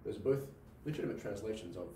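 A man with a low, mellow voice gives a university lecture, pausing on fillers and asking "right?" to check understanding. He sounds set back from the mic in a roomy hall, with faint room ambience behind him. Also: expressive, far from the mic, slight background noise. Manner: talks through examples with frequent "right?" checks and fillers.

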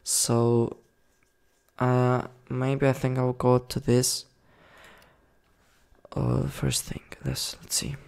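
A man's voice: medium pitch, level tone, very slow, gravelly, long pauses, a little mellow. A man giving casual game commentary, rambling along with frequent giggles and swearing. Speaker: gaming video creator.

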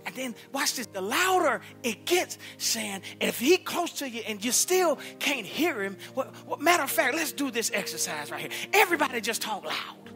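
A male pastor preaching a sermon with a Southern US accent, swinging between hushed whispers and loud shouts. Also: very high-pitched, very animated, moderate pace, few pauses. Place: church sanctuary. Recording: live church recording with music.

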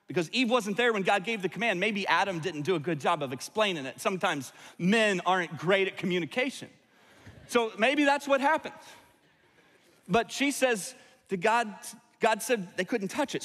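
A man's voice: sits high, fairly bright tone, long reverb tail. A male pastor giving a sermon in a conversational, wry style with asides to the congregation. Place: large church auditorium.

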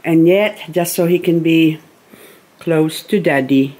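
Slow, low-pitched woman chatting at home. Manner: soft, slow and chatty, baby-talks to her pet bird. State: grieving, recently teary. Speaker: gardening vlogger. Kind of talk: casual chat to camera. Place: home, indoors.

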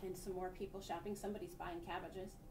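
A woman reads a picture book aloud to children with lots of expression, pausing now and then to point out the pictures. The recording has an echoey room, a distant mic and a faint rumble.

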